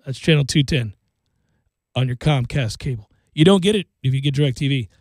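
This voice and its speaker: A man's voice: medium pitch, moderate pace, a little mellow, no room sound. A man hosting a sports radio show in a studio, chatting casually with wry, offhand asides. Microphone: studio microphone.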